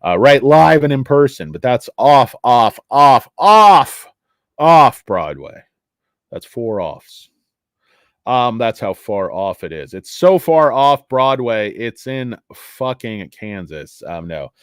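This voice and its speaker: Animated, joking stock-stream host. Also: male voice, mid-range voice, takes it slowly, clear, resonant tone, dry recording, clean studio sound. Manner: rambling, joking, profane, reads chat comments. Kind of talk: casual livestream chat.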